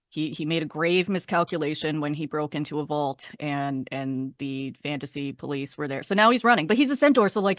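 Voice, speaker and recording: A woman's voice: sits low, no echo, studio quality. A woman playing in a tabletop game podcast, talking loosely and rambling with laughs. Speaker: player. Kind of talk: casual podcast chat.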